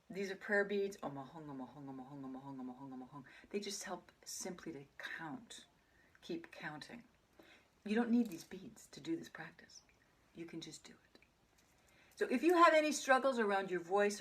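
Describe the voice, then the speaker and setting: Soft-spoken woman meditation teacher. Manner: soft, calm delivery that drops into breathy near-whispers; chants mantras in a low murmur.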